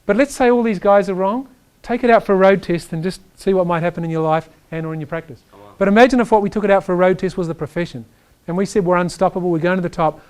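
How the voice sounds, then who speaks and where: A man giving an energetic chiropractic lecture, emphatic and animated, often checking in with "right?". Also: high-pitched, fast, few pauses, clean tone. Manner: reads quotes aloud to the audience.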